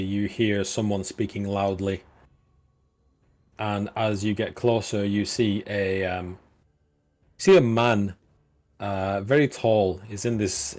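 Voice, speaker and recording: A man's voice: fairly low pitch, steady tone, unhurried, a little mellow. A man narrating as game master in a tabletop game, casual and full of restarts. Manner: casual, many fillers and restarts.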